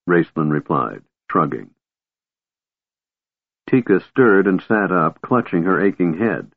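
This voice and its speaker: Low, husky male audiobook narrator. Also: measured pace, no room sound. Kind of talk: scripted fantasy narration. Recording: tinny phone-like band, dry.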